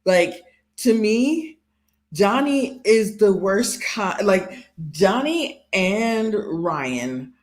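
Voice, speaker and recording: Animated woman retelling scenes. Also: medium pitch. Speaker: co-host reviewing a reality show. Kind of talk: casual chat.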